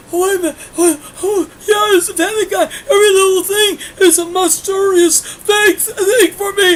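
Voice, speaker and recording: Lady putting on a super high frantic panicky guy, shrieky and sobby, half laughing. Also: slight background noise. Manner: shrieky, sobbing, breathless laughter. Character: frantic panicking man, always anxious.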